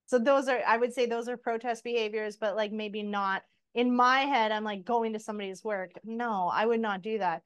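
A woman co-hosting a podcast tells stories in a candid, animated way. She swears freely and laughs along with her own stories. Her voice sits a little high. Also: fairly quick, few pauses, smooth. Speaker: podcast co-host. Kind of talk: casual chat.

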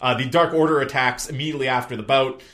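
A young man hosts a casual podcast and recaps the wrestling show play by play. He swears freely and drops in dry jokes. His voice sits in an ordinary middle pitch. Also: steady tone, fast talker, sharp tone. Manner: loose, sweary play-by-play with jokey asides. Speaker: podcast host.

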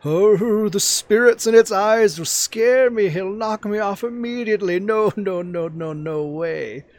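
A man voicing a huge, old and timid male turtle who talks in a fretful, drawn-out way. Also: high-pitched, voice pushed up.

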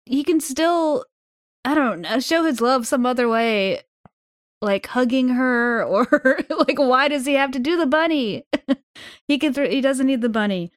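A woman's voice: sits high, a little slow, no room sound, clean studio sound. A woman co-hosting a podcast, chatting playfully about a movie and giggling often. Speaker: podcast co-host. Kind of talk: casual movie discussion.

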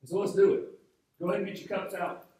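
A man's voice: high-pitched, flat delivery, fast talker, mellow. A male pastor telling a personal story in a conversational sermon, often restarting his phrases, from North Georgia. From North Georgia, USA. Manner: conversational storytelling with frequent repeated starts. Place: large church sanctuary. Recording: very echoey hall, voice from a distance.

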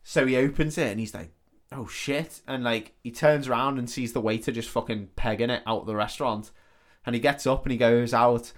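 A man's voice: medium pitch, fairly even intonation, fairly quick. A man co-hosting a podcast, telling a film's plot in casual, sweary storytelling and acting out the characters. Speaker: podcast co-host. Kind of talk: casual comedic film recap.

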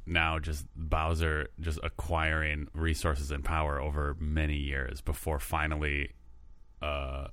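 A man co-hosts a comedy podcast, chatting excitably and laughing often as he spins out ideas. His voice is very deep but bright and forceful, and it is recorded close with a dry sound. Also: measured pace, no room sound. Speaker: podcast co-host. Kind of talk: casual comedy chat.

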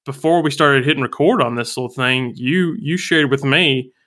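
Podcast host dude, bright voice, teasing his guest in that deadpan joking way. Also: mid-range voice, normal speed. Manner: wry, playful banter. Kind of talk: casual podcast chat.

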